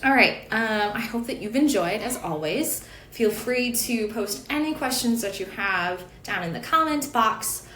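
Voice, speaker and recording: Higher-voiced woman teaching chant, echoey room. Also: animated, a little slow, hardly any pauses, bright, forceful tone, a little hiss or hum. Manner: explanatory, with fillers and asides. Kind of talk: online lesson on chant notation.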